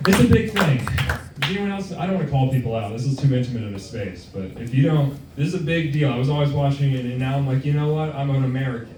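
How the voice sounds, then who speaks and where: A man's voice: mid-range voice, expressive, quick pace, distant mic. Young man, stand-up comic, offhand and self-deprecating, roomy club sound from afar, room noise. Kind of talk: stand-up set. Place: comedy club.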